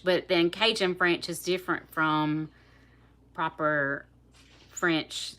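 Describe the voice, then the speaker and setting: Woman, South Louisiana accent, lowish voice, laughs a lot, casual live chat. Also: fairly bright tone. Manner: chatty, laughs often, talks to viewers. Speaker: livestream host. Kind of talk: casual livestream chat with viewers.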